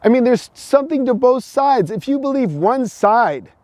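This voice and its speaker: High-voiced preachy American man. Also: lively intonation, normal speed, a little mellow, dry recording. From United States. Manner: repetitive, preachy, stumbling restarts. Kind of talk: opinion monologue.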